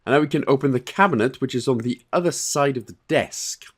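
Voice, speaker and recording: A man casually talking through a puzzle game walkthrough, relaxed and chatty, with fillers and quick self-corrections. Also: medium pitch. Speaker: game guide creator.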